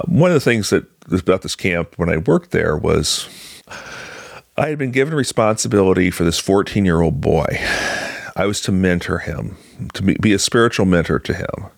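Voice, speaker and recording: A man in his thirties or older from Illinois, telling a personal faith story casually, halting with fillers and restarts. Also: low-pitched, creaky, no echo, studio quality. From Illinois, USA. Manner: conversational, halting with fillers and restarts, voices other people in quotes.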